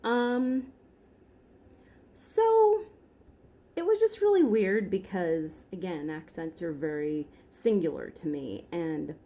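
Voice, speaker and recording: A woman vlogging in a casual, rambling way, correcting herself mid-sentence and jumping up in pitch when something excites her. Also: takes it slowly. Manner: rambling, self-correcting, with sudden upward pitch jumps. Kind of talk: casual chatty commentary to camera.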